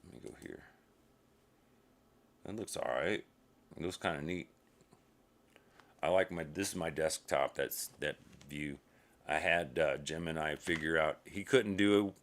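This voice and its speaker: A man's voice: rumbling low, fairly bright tone. A man talking in a rambling casual monologue, wandering off track and muttering to himself as he goes. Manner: uses minced oaths. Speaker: solo streamer.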